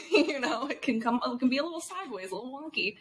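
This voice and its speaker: A woman's voice: sits high, lively intonation, fast, slightly rough, rough recording. Chatty young woman podcast co-host. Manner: chatty storyteller, laughing and swearing. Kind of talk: casual chat.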